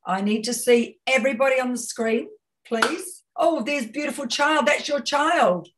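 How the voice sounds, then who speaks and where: A woman with a New Zealand accent, a communication consultant giving an expressive webinar talk over a video call, often repeating words as she goes. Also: high voice, moderate pace, recorded from a distance, background noise. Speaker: guest speaker, communication consultant.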